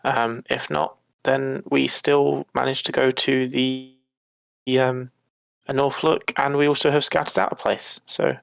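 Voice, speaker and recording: A man's voice: medium pitch, steady tone, a little slow, vocal fry, fairly bright tone, dry recording. A man playing a tabletop game, thinking aloud and weighing the group's options in casual talk. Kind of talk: casual chat about game strategy.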